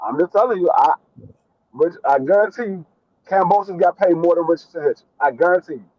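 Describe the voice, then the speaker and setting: In a laid-back debate on a boxing talk show, this male co-host insists on his argument, restating it repeatedly. He has a high voice at a fairly quick pace, sounding dry with no echo and missing the upper frequencies.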